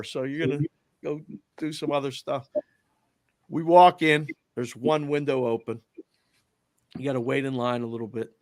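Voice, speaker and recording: Man, middle-aged, guest, animated anecdote, quotes others, dry close sound. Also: mid-range voice, no room sound. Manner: animated, quotes people in quick back-and-forth. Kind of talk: casual storytelling.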